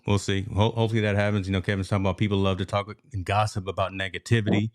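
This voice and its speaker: A man hosting a casual sports talk podcast, telling stories in an animated way and talking straight to his listeners. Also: lowish voice, rapid-fire, dry recording, studio quality. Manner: animated storytelling, addresses listeners as folks. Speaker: podcast host.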